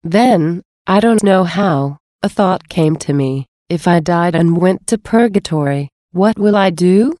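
A woman reading a devotional text aloud in a measured, unhurried way. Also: on the low side, a little mellow, dry recording, studio quality. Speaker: reader.

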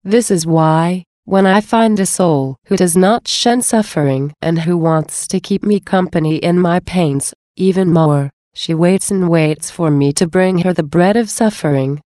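A woman reading the words of a grieving Jesus in a slow, solemn devotional voice. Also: lowish voice, dark tone, no echo, studio quality, lightly acted. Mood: sorrowful. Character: sorrowful Jesus, a grieving divine man.

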